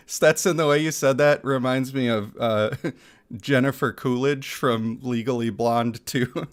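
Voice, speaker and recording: A man streaming a mobile game from his home setup, chatting casually, getting excited and laughing often, into a desk microphone. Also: medium pitch, unhurried, smooth. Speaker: gaming streamer. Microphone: desk microphone picking up chair rumble.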